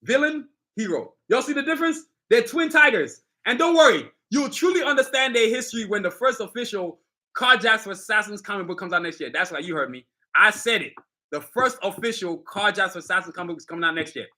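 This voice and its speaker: A middle-aged man hosts a casual live stream, showing off his sneakers and hyping them to viewers. His voice sits high and sounds bright. He talks with swagger and loose street slang. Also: lively intonation, fast talker. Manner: hyped, boastful street slang, addresses viewers directly. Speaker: sneaker designer and channel host.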